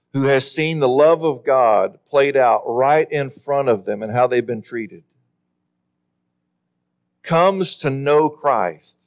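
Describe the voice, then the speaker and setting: This mid-range male voice belongs to a preacher giving a sermon. He is earnest and forceful, slowing down whenever he wants a word to land.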